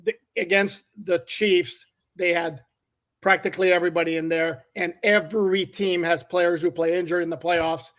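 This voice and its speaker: A man hosting a sports podcast as a journalist, talking in a measured, wry way with hesitant restarts. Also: high-pitched, steady tone, a bit bright.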